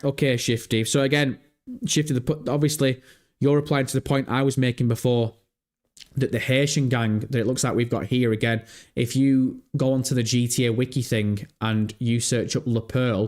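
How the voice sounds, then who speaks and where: A young man hosting a casual gaming livestream, excitable and swearing freely, through a bass-heavy desk microphone. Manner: excitable, swears freely, pitch leaps when surprised. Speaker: livestream host.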